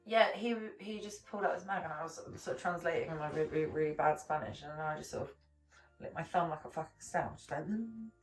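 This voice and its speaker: A woman's voice: low voice, fast talker. A woman, rambling through stories as a podcast co-host, swearing often and restarting her sentences. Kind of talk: casual chat, storytelling. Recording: echoey room, distant mic, faint music.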